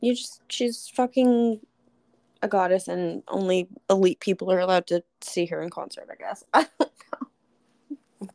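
A young woman co-hosting a podcast, chatting casually, swearing freely and ranting in animated retellings. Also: mid-range voice, moderate pace, long pauses, no room sound, studio quality. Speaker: podcast co-host. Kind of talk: casual chat.

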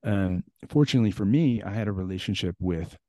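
A man's voice: lowish voice, a little fast, mellow, no room sound. A man telling a long story from his security work in a casual, frank way, rambling with fillers and restarts.

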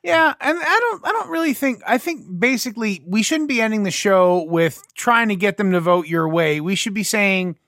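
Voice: medium pitch, lively intonation, normal speed, hardly any pauses, fairly bright tone, no room sound, studio quality. A podcast co-host chatting casually and telling rambling anecdotes. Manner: rambling storyteller, laughs through anecdotes. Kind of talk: casual chat.

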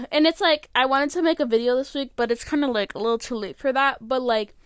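Teen girl, podcast host, high voice, smooth tone, rambling and full of fillers, dry close sound. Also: quick pace, dry recording. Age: late teens. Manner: rambling, filler-heavy, self-interrupting. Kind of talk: casual solo podcast chat. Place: bedroom at home. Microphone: phone.

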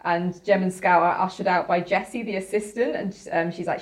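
A woman's voice: fairly low pitch, a little fast. A woman casually retelling a novel's plot to listeners, rambling with fillers and frequent laughs. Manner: rambling, giggly storytelling with lots of fillers. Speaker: podcast host. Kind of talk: casual book discussion.

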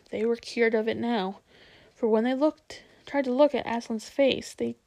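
A woman reading a storybook aloud in an unhurried way, with small slips and restarts. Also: on the high side, gravelly, a little mellow.

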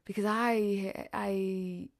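A woman's voice: medium pitch, steady tone, drawn-out words, creaky. A young adult woman from the American South telling a rambling story in a chatty monologue, swearing freely and laughing often. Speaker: podcast host.

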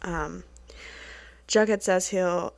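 A woman hosting a casual solo podcast, recapping a TV episode in an animated, sweary way and often breaking into laughter and rants. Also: fairly low pitch, drawn-out words, gravelly, no room sound.

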